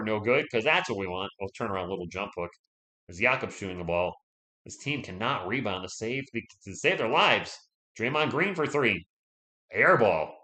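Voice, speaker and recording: A man hosting a live stream, giving casual play-by-play commentary, chatty and excitable, and talking straight to his viewers. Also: lowish voice. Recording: echoey room.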